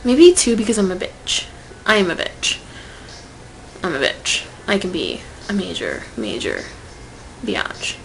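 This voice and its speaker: A young woman telling a personal story to camera in a casual vlog, swinging from loud outbursts to whispered asides. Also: lowish voice, huge pitch swings, a little slow, vocal fry, a little hiss or hum, low-quality recording. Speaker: vlogger.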